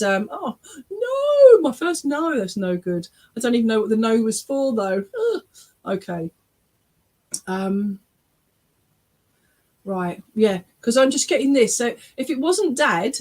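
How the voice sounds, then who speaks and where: A woman's voice: mid-range voice, expressive, measured pace, pauses often, a little mellow. Reassuring English woman medium. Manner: reassuring, frequent "all right?" and "okay?" check-ins. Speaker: spiritualist medium. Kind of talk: online church service reading. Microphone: webcam on a video stream.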